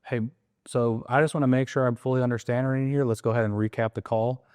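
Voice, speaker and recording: A man's voice: medium pitch, steady tone, fast, darkish tone, clear, resonant tone, dry recording, clean studio sound. A man coaching on a sales process in casual chat, acting out lines from seller phone calls as he explains. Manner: acts out sales call lines in quotes. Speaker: real estate wholesaling coach.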